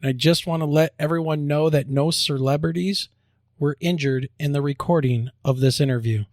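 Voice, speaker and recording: A man hosting a podcast, joking around and spelling out web addresses slowly. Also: on the high side, no room sound, studio quality. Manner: upbeat, jokey promo delivery, spells out web addresses slowly. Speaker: podcast host. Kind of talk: casual podcast chat and announcements.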